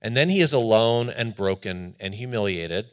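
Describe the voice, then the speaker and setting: An expressive man preaching a sermon. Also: fairly low pitch, moderate pace, clear, resonant tone. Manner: conversational, expressive, with asides. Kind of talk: sermon with scripture reading.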